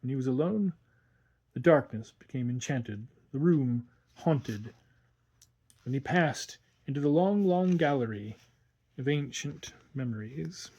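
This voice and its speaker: A man narrating an audiobook with slow, measured storytelling. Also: mid-range voice, lively intonation, mellow, highs cut off. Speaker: audiobook reader.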